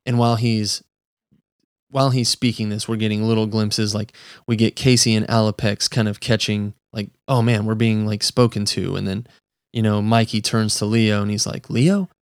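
This podcast host has a lowish, resonant, clear voice and talks at a normal speed in a level tone. Recorded in a dry, clean studio, he chats enthusiastically with a guest about a comic book issue, tossing in lots of "like" and "dude" in a casual review style.

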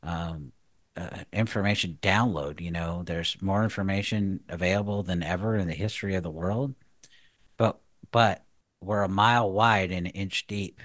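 A deep-voiced man co-hosts a faith talk show on marriage. He sounds earnest and a touch preachy, with lots of restarts and "you know." The sound is dry and close. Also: fairly even intonation, normal speed, a bit bright, dry recording. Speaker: podcast co-host.

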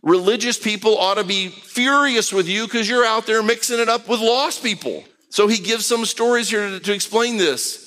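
A man preaching a conversational sermon, reading scripture aloud and acting out quick voices. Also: high voice, sharp tone, long reverb tail.

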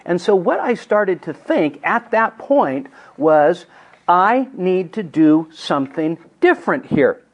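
A middle-aged man giving a teaching talk to counselors, telling a family story in an earnest way that moves from hushed to emphatic. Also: high voice, very animated, slow, rough recording.

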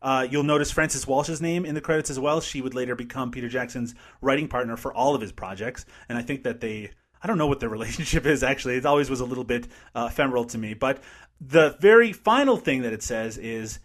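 A man's voice: medium pitch, quick pace. A man co-hosting a casual movie podcast, recapping scenes and laughing often. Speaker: podcast co-host. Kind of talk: casual movie-review chat.

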